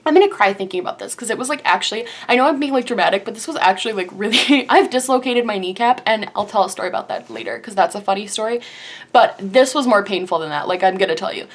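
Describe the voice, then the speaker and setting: A woman's voice: mid-range voice, animated, fast. A young woman vlogger telling a personal story in a dramatic, gushing way, filling her speech with "like". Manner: dramatic, breathless retelling, heavy use of "like". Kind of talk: storytime vlog.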